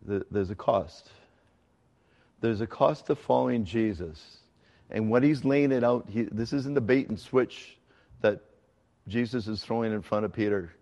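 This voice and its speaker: Pastor, man, conversational sermon delivery, gravelly voice, long hall reverb. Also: on the low side, a little mellow. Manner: conversational, earnest teaching with emphatic slow stresses.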